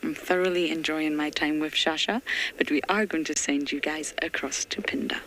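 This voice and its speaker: A woman safari guide giving hushed, chatty live commentary from an open-air game drive, often dropping to a half-whisper. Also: low voice, normal speed, slight background noise, rough recording.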